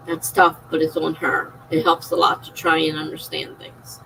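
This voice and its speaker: A woman's voice: sits low, monotone, normal speed, vocal fry, pushed and bright, slight background noise, low-quality recording. A middle-aged woman streaming a personal, emotional monologue, confiding and circling back on herself as she talks. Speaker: live streamer.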